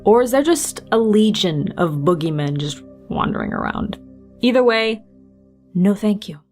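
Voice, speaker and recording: A woman's voice: medium pitch, expressive, normal speed, darkish tone, faint music behind. A woman host narrating folklore with dry, sarcastic asides in a casual storytelling style.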